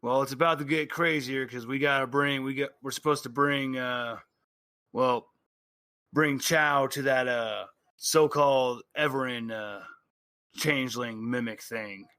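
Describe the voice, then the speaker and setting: A man narrating a tabletop game as game master, describing scenes in halting bursts with frequent restarts. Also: mid-range voice, fairly even intonation, bright, forceful tone, no echo.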